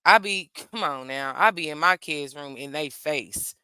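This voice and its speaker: A woman's voice: low voice, measured pace, pushed and bright, smooth, no echo. Emphatic woman hosting a reaction video. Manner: emphatic, repeats phrases for stress. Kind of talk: casual reaction commentary.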